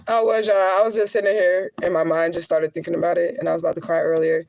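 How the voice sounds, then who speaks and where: A woman's voice: fairly low pitch, level tone, normal speed, creaky, darkish tone, a little hiss or hum. A young adult woman, a spiritual reader, venting candidly on a livestream, cursing freely and laughing often.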